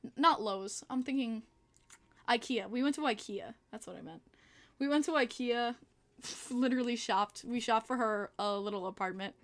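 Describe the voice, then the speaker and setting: A woman's voice: on the high side, moderate pace, a bit bright. A young woman from New York hosting a podcast, chatting casually, laughing often and answering her chat. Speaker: podcast host.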